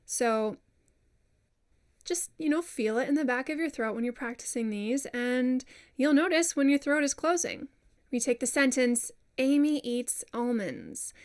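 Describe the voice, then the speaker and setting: A high-pitched woman speaking at a moderate pace coaches voiceover work in a casual lesson. She is chatty and self-deprecating, and she says example words out loud as demonstrations.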